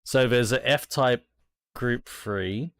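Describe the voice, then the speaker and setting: A man's voice: mid-range voice, very slow, dry recording, studio quality. An Australian man streaming a racing sim, chatting casually to viewers, thinking aloud and swearing freely. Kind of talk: casual gameplay chat.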